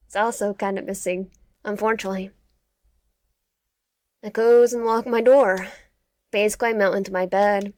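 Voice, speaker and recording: A woman reading a dating game aloud, voicing the narration with expressive, sarcastic asides. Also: medium pitch, normal speed, pauses often. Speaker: gamer.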